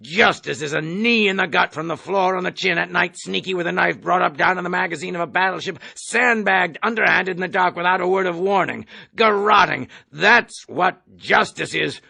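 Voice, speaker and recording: A man's voice: high-pitched, gravelly, pushed and bright, dry recording, exaggerated voice. A man voicing a jeering, table-pounding male colonel who rants. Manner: jeering, ranting.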